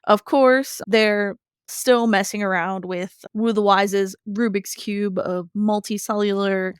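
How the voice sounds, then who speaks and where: A woman's voice: mid-range voice, slow pace, smooth, no room sound, clean studio sound. A woman co-hosting a podcast, recapping a cartoon episode in casual chat and acting out characters' lines along the way. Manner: animated storytelling, briefly acting out characters' lines. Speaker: podcast co-host.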